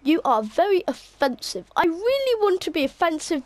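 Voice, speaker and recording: A woman's voice: high-pitched, big pitch swings, normal speed, hardly any pauses, dry recording. A woman gamer in casual chat while playing, joking and rambling on a headset mic.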